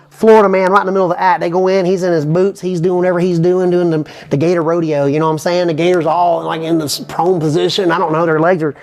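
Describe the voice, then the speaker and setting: A man telling a rambling comic story, animated and full of asides. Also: high voice. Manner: fast, animated, repeats "you know what I'm saying". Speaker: comedian.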